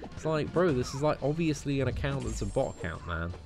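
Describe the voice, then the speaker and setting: Over music, a young British man casually answers viewer questions on a game stream, relaxed and chatty and fond of adding "man" to the end of sentences. His voice is mid-range and fairly quick.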